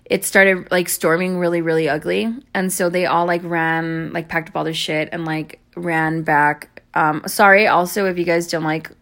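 Low gravelly woman, rambling chat. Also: little pitch movement, a bit bright. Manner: rambling, full of likes and ums, swears often; apologetic, talks fast in bursts. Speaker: audio creator talking to listeners. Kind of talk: casual rambling chat and storytelling.

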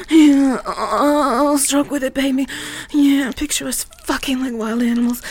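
A woman hosting a guided erotic audio fantasy, talking in a breathy, moaning voice that often drops to a whisper, on a studio microphone. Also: sits high, moderate pace. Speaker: host of an adult audio show.

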